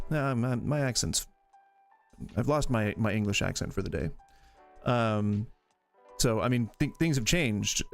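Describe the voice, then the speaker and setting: A man with a gravel-edged voice hosts a stream in a relaxed, argumentative way, thinking out loud and circling back as he reacts. His pitch sits right in the middle for a man, and soft music plays quietly underneath. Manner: opinionated, argumentative, rambles with restarts. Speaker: streamer host reacting to videos. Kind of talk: casual reaction commentary.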